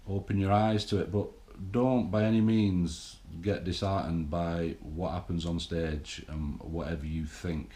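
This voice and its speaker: A middle-aged man gives a blunt, swearing, rambling pep talk straight to camera. His voice sits fairly low. The room around him rings with echo. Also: flat delivery, unhurried, few pauses, dark tone. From England. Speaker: bodybuilding vlogger. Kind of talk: casual monologue to camera. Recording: echoey room.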